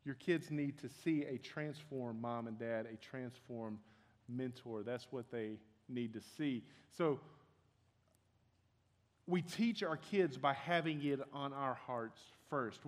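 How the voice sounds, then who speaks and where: Earnest man preaching in a reverberant hall. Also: on the high side. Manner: earnest, conversational preaching with frequent restarts. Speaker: pastor. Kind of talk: sermon.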